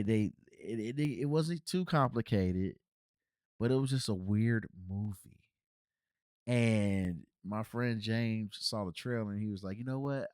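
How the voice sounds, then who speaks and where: In a clean studio recording with no room sound, a man from Cincinnati reviews movies on his casual solo podcast. He rambles along, often restarting and filling gaps, his pitch swinging animatedly.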